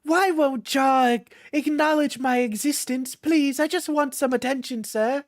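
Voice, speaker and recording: A man's voice: very high voice, unhurried, no echo, studio quality, voice pushed up. A man doing a whiny, attention-starved guy. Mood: pleading. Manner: pleading, needy whine.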